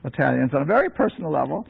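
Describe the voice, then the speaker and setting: A male preacher telling a story in a sermon, animated and laughing often, on a dull lo-fi recording. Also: on the high side, racing, gravelly, crowd noise.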